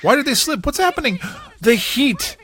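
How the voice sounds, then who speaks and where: Animated man recapping a cartoon. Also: extremely high pitch, moderate pace, a little hiss or hum. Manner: animated play-by-play retelling with chuckles. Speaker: podcast host.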